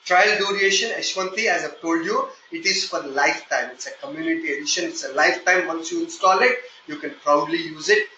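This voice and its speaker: A man with an Indian accent teaching a live online software testing class, explaining step by step and checking in with "okay?". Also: on the high side, fairly quick, few pauses, echoey room, dull audio, slight background noise. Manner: explanatory, repeats "okay?" often, hesitant fillers when flustered. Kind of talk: live online training session.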